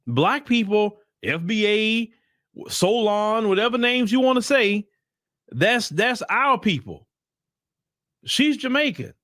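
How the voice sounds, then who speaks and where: A man's voice: high voice, expressive, slow pace, a bit bright, dry recording, studio quality. A man hosting his own channel, giving opinionated political commentary in blunt, casual talk and repeating his points for emphasis. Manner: casual vernacular talk to viewers.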